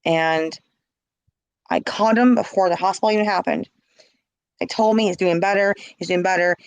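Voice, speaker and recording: A woman's voice: lowish voice, steady tone, normal speed, no room sound, poor audio. A middle-aged woman, telling a personal story with passion and repeating herself. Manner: impassioned, repeats herself, acts out quoted calls. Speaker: interviewee. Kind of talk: emotional personal account.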